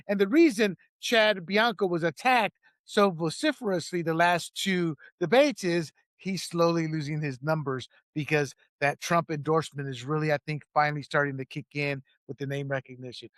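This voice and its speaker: A man with a notably high speaking voice hosts a political talk show. He talks in a casual, opinionated way and cracks jokes. The sound is close and dry. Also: moderate pace, a bit bright, dry recording. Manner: opinionated, jokey, laughs at own jokes.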